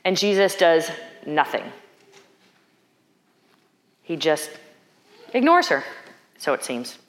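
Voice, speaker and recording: A woman's voice: lowish voice, big pitch swings, slow, pauses often. Conversational woman preaching in an echoey room. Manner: reflective and conversational, questioning aloud. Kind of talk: sermon.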